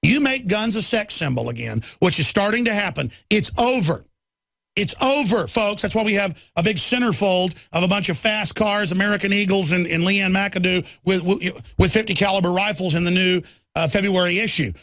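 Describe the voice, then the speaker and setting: A man's voice: sits high, moderate pace, fairly bright tone, no echo. A man hosting a political radio talk show, ranting in a fiery, combative way from a studio.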